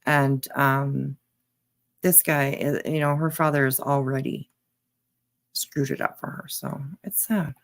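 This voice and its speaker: A woman's voice: very deep voice, little pitch movement, takes it slowly. A woman reacting to a clip on a live stream, blunt and emphatic, talking straight back at the person on screen. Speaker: commentary streamer.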